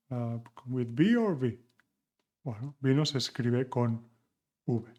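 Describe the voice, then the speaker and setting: Man teaching beginner Spanish, mid-pitched. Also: darkish tone. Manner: slow, deliberate model phrases in Spanish; chatty, asks learners questions. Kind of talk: beginner language lesson.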